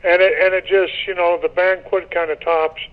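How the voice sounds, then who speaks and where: A man's voice: high-pitched, level tone, moderate pace, smooth, muffled recording. An older man, a radio interview guest, talking in a rambling casual way and often repeating himself.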